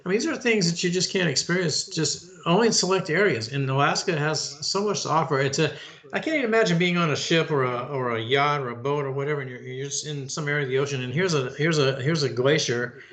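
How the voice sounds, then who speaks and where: A man's voice: a little high, fast, a bit bright. A man co-hosting a casual podcast, rambling and restarting his sentences as he chats. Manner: rambling, with many restarts and fillers. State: married. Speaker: podcast co-host. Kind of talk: casual chat.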